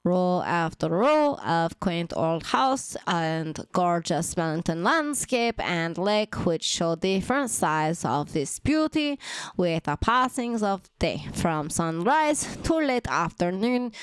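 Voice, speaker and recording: Tourist brochure narrator put on by a woman, very slow and theatrical. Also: fairly low pitch, very animated, clean tone, dry recording. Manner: slow, drawn-out, theatrical reading.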